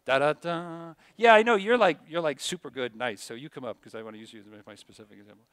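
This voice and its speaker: A middle-aged man teaching a class in a rambling conversational way, full of restarts and quick "right?" checks to the students. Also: medium pitch, very animated, fairly bright tone, no echo, clean studio sound. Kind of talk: classroom lecture.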